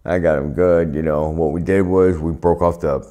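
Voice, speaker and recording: Low-voiced man telling profane stories. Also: moderate pace. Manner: profane, laughing, animated anecdotes. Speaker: retired pro wrestler, interview guest. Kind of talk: storytelling shoot interview.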